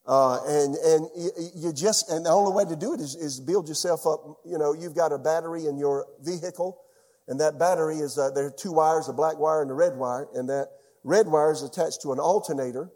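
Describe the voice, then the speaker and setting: A man's voice: on the high side, brisk, a little mellow. A middle-aged man preaching a sermon as pastor, telling a personal story and putting questions to his congregation.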